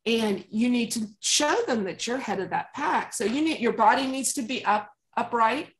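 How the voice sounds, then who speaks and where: A woman dog trainer speaking as an interview guest, calm and emphatic, often laughing and acting out commands she gives to dogs. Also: on the high side, moderate pace. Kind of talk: conversational interview.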